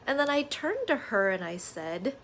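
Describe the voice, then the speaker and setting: A woman's voice: on the high side, sing-song, moderate pace, fairly bright tone. Earnest woman vlogger, faint background hum. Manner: earnest, conversational, many fillers like "uh" and "you know". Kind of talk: casual reflective monologue to camera.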